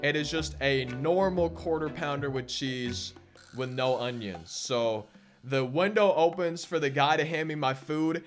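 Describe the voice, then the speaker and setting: A man's voice: a little high, a little slow. Young man, casual storytelling, rambling, amused, faint background music. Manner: rambling, amused, repeats words when excited. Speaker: gaming YouTuber. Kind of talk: casual storytelling during a pack opening.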